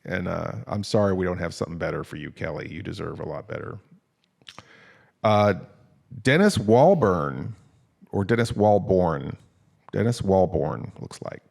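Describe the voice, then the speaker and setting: A man's voice: deep voice, animated, normal speed, creaky. A man hosting a casual podcast, rambling and joking as he thanks supporters by name. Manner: rambling, self-deprecating, thanks listeners warmly by name. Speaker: podcast host.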